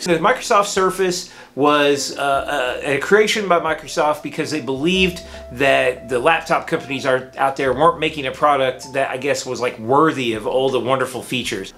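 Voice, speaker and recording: A man's voice: medium pitch, fairly bright tone. A man, a vlogger and art teacher, telling a frustrated story in a casual, rambling monologue with many restarts, recorded indoors under a beauty light.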